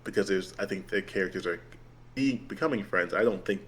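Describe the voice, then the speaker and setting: Casting: man, lowish voice, game player in a loose talkback, rambly, laughs a lot. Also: brisk, slight background noise. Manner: rambling, heavy use of "like", laughs often. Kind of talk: casual post-game chat.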